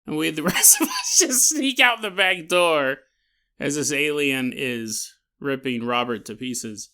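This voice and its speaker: A man's voice: a little high, measured pace. A man hosting a podcast, telling a strange story in a casual, joking way and acting out scenes. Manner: animated, joking, acts out scenes. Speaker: podcast host.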